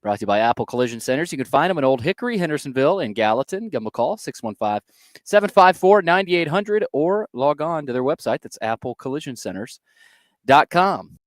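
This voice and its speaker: A man's voice: on the high side, sing-song, brisk, no room sound, clean studio sound. A man co-hosting a sports talk radio show, upbeat and reading sponsor lines. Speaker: radio co-host.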